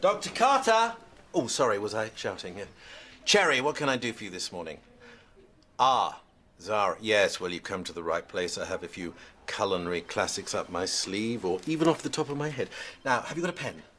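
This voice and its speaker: A man's voice: fairly low pitch, fairly quick, pushed and bright, a little hiss or hum. An actor playing a fussy, pompous male GP with a grandiloquent, lecturing manner. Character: pompous male GP, fussy gourmet, fond of wine. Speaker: doctor. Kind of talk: TV drama acting.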